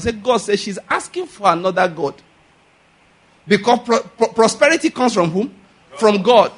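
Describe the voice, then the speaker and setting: A male pastor preaching with a high-pitched, husky voice. He drives his points home by firing questions at the congregation and repeating key lines. The delivery is insistent and emphatic. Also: expressive, moderate pace. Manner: emphatic, drills points with call-and-response questions. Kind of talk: sermon.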